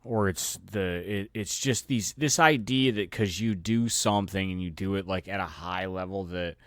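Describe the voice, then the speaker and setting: A man with a somewhat low voice rants on his own show, swearing freely and sounding fed up. He trips over his words and repeats them as he restarts his thoughts. The sound is dry and close. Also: normal speed, no room sound. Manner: exasperated, riled-up delivery. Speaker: podcast host. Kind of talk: casual profane rant.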